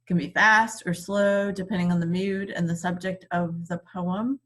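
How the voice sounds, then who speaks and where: A woman teacher giving a recorded reading lesson, explaining slowly and patiently with frequent ums. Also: fairly low pitch, steady tone, fairly bright tone.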